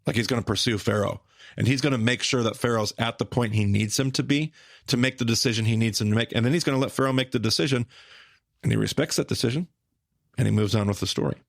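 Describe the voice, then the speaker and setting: A man hosting a podcast, explaining Bible stories with emphatic, repetitive phrasing that speeds up and slows down. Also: mid-range voice, gravelly, no echo, studio quality. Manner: emphatic, repetitive, with rapid bursts and slow stressed phrases. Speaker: podcast host teaching the Bible. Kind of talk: animated teaching conversation.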